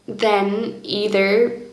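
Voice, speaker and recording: A young woman speaking candidly and reflectively in a personal diary vlog, laughing often as she talks. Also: medium pitch. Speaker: vlogger. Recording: echoey room.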